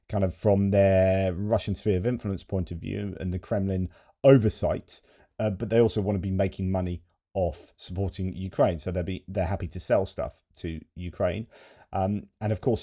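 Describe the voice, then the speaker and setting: A man's voice: deep voice, warm tone. A man giving casual video commentary as a military news commentator, chatty and digressive with frequent fillers.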